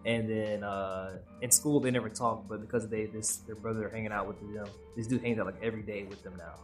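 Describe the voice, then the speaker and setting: A man's voice: on the low side, steady tone, fairly quick, faint music behind. Rambling young man on a podcast. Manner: rambling, laughs often, acts out quotes. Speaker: podcast co-host. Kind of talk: casual chat.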